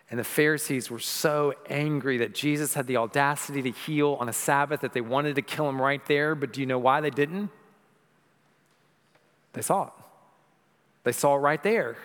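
A man's voice: medium pitch, moderate pace, fairly bright tone, in a large hall. A man preaching a sermon as pastor, earnest and rising to emphatic peaks. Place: church sanctuary.

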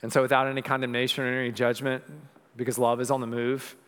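A man's voice: medium pitch, little pitch movement, quick pace, fairly bright tone, clear, resonant tone, long reverb tail. A man preaching a sermon as pastor, earnest and rising to emphatic peaks. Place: church sanctuary.

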